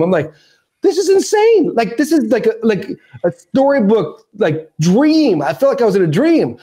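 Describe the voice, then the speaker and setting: A man in his forties, a former ballplayer guesting on a podcast, telling a story in an animated way and acting out the lines he quotes. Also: sits high, breathy edge. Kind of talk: storytelling interview.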